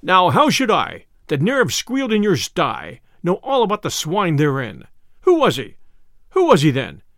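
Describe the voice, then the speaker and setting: A man voicing a boisterous, hot-tempered male tinker who talks loudly in old-fashioned speech. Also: a little high, wildly swooping pitch, moderate pace, no echo, clean studio sound, full character voice. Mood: angry.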